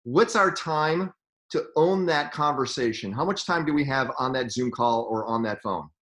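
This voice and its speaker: A man's voice: mid-range voice, expressive, normal speed, fairly bright tone, echoey room. A man hosting a video call, teasing his guest and laughing easily. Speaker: host. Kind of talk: casual video call chat.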